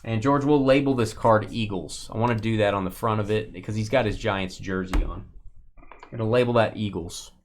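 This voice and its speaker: A man's voice: fairly low pitch, a little fast, slight background noise. A man hosting a live-stream sports card break, calling out cards and teasing his crew in joking banter.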